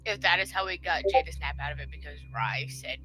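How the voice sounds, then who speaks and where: Bright, lively woman swearing freely. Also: deep voice, fast, rough recording. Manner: animated, swearing storyteller. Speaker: player. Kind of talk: casual chat during a tabletop game.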